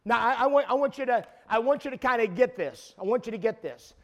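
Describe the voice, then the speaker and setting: Brief: man around 60, preacher, high-pitched, stammering repeats, builds to shouts. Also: expressive, fast, muffled recording. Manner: emphatic, repeats words, rises to shouting peaks. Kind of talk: sermon.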